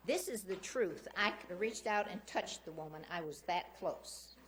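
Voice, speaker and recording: A woman's voice: fairly low pitch, normal speed. A woman giving a public comment at a city council meeting, insistently recounting an incident in detail from a podium microphone.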